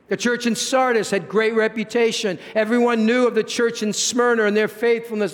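A man's voice: sits high, in a large hall. A man preaching a sermon as pastor, emphatic, repeating his points and rising into exclamations. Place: church.

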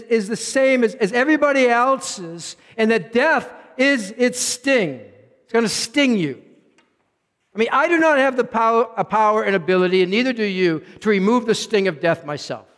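A man preaching a sermon as pastor, rising to loud emphatic lines and dropping to quiet low asides. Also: lively intonation, moderate pace, in a large hall.

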